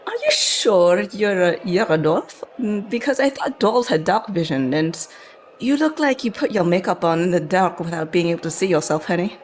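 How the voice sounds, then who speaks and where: A woman playing a tabletop game, delivering her lines in a deliberate, dry-witted manner. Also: on the low side, expressive. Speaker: player.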